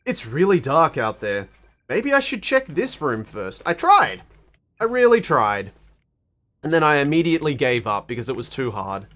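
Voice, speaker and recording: A man's voice: on the high side, huge pitch swings, normal speed, a bit bright. An Australian man streaming a game, reading the characters' dialogue aloud in playful put-on voices and joking between lines.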